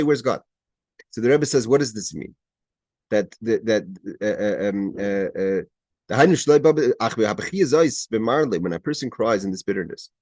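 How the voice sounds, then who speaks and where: A man's voice: medium pitch, darkish tone, no echo. A man leads a study class over a video call, moving between Hebrew quotations and his own English explanation. His voice sits in a middle register and the sound is dry and close. He stumbles and restarts often, then presses hard on his main points. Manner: grows emphatic at key points. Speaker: teacher leading a Torah study class. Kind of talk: explaining a Hebrew text line by line.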